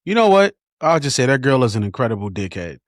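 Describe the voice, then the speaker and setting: Man co-host, mid-pitched voice, dry close sound, easy slangy banter. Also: very animated, fast, no room sound. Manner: laid-back, joking, slangy. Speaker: podcast co-host. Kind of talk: casual book review chat.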